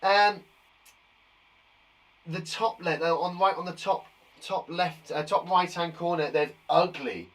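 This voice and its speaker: A man's voice: on the high side, slow pace, pauses often, fairly bright tone, recorded from a distance. A man teaching a live online lesson to young children, upbeat, chatty and encouraging. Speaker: primary school teacher.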